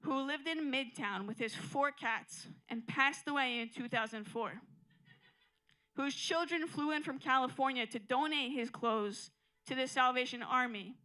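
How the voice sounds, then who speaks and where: Female stand-up, dry and absurd, crisp bright tone. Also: high voice, rough recording. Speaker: stand-up comedian. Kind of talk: live stand-up comedy. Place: comedy club stage with audience.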